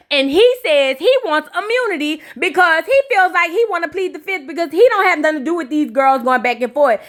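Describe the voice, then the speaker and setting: A woman's voice: sits high, fairly bright tone. A woman hosting a reaction show, recapping a TV episode in a sassy, joking way. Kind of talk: casual comedic recap.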